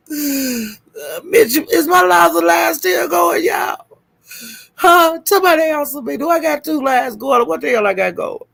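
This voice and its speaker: A woman's voice: high voice, expressive, takes it slowly, vocal fry, long pauses, a bit bright. A woman hosting a live stream who is frantic and flustered, swearing, laughing and calling out to viewers for help. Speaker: livestream host.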